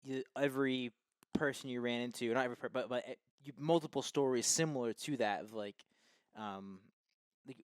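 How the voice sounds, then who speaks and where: A man's voice: mid-range voice, a little fast, smooth, no echo. A man hosting a podcast, chatting casually with short affirmations and laughs. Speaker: podcast host. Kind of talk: casual interview.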